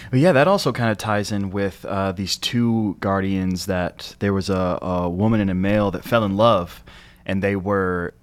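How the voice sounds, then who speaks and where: Low-voiced man co-hosting a radio show. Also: normal speed, dry recording. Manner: relaxed and easygoing, with fillers and laughs. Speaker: radio co-host. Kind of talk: casual radio chat.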